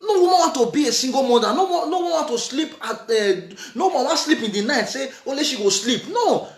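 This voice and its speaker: A man's voice: very high voice, lively intonation, brisk. A man with a Nigerian accent gives earnest, repetitive relationship advice in a casual preachy monologue, mixing in Nigerian Pidgin. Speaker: vlogger giving relationship advice. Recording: echoey room.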